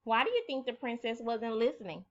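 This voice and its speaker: A woman teaching a first grade lesson, reading a story aloud and asking the children questions in a clear, expressive way. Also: fairly high pitch, fairly quick, dull audio.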